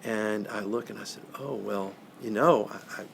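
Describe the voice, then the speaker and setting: An older man, a professional Santa, telling a moving story in an interview, earnest and halting, often repeating words. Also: lowish voice, vocal fry, a little hiss or hum.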